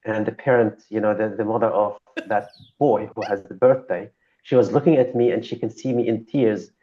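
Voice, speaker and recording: A man's voice: lowish voice, fairly even intonation, brisk, dark tone, a little hiss or hum. A man co-hosting a podcast in casual chat, telling stories and laughing often as he talks. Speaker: podcast co-host. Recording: dull lo-fi recording.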